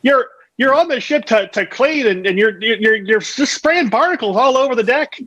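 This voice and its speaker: Blustering pirate captain with a put-on Irish lilt, high and a touch lo-fi, a man improvising. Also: animated, moderate pace, fairly bright tone, exaggerated voice. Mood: scolding. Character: gruff male pirate ship captain, strict. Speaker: improv performer. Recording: dull lo-fi audio.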